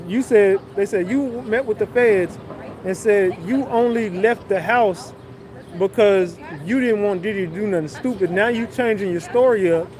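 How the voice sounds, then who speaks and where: High-voiced man ranting on a street. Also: a little mellow. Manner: blunt, profane, mocking retelling. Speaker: commentary vlogger. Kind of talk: casual recap commentary.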